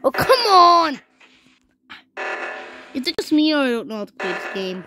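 A woman playing a video game while chatting, excitable and loudly complaining about how the game is going. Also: fairly high pitch, very fast, over music. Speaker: gamer.

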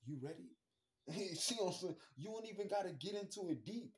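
A man hosting a podcast, ranting bluntly and crudely, swinging between muttering and loud outbursts. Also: high voice, lively intonation, a little fast, slightly rough. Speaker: podcast host. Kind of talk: casual podcast rant.

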